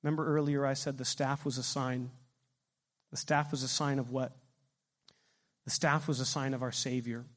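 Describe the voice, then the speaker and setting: A middle-aged man preaching a sermon as pastor, animated and asking his congregation questions. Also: mid-range voice, moderate pace, long pauses, big-room sound.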